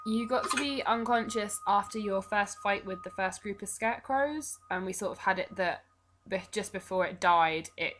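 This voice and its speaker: A woman's voice: medium pitch, normal speed, fairly bright tone, slight background noise. A woman narrating a tabletop game as game master in a casual, descriptive way.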